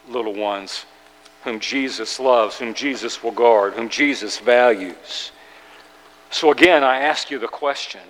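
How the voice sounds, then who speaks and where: A man preaching a sermon to his congregation, earnest and urgent, swinging between loud emphasis and hushed tenderness. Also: mid-range voice, long reverb tail, poor audio. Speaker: pastor. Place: church sanctuary.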